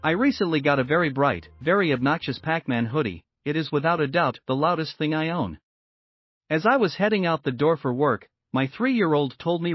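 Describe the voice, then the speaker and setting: Male narrator, slightly higher voice, dry and dull lo-fi sound, steady read of story posts. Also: normal speed, no echo. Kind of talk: scripted narration of reader posts. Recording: dull lo-fi sound with faint music.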